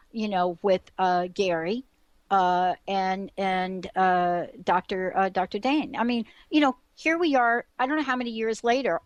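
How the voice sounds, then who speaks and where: A woman's voice: mid-range voice, no echo. A woman hosting a radio talk show, chatting eagerly and rambling with many fillers and restarts. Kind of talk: casual radio chat.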